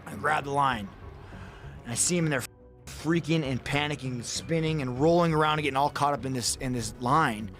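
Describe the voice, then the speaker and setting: A man's voice: medium pitch, normal speed, fairly bright tone, soft background music. A man telling a story as a podcast guest, casually and vividly, acting out his own thoughts and swearing freely.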